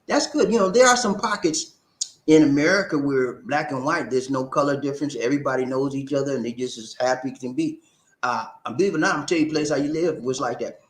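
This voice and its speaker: A man hosting a live-stream talk show, reading viewer comments and calling out shout-outs in an animated, preacher-like way. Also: mid-range voice, fast, reverberant.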